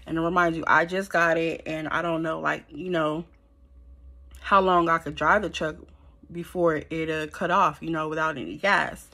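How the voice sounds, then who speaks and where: A woman telling a storytime to her viewers, animated and blunt, swearing freely, sitting close to the camera at home. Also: deep voice, moderate pace. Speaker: storytime vlogger. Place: at home in front of a ring light. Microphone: camera held close.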